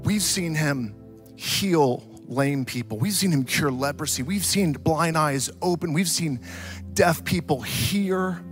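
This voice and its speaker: A man preaching a sermon, telling a story dramatically and swinging from loud to hushed. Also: fairly high pitch, expressive, takes it slowly, soft background music. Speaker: pastor.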